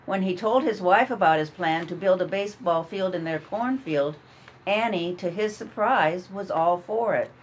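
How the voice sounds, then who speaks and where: A woman's voice: on the low side, normal speed, dull audio, a little hiss or hum. Woman narrating a story.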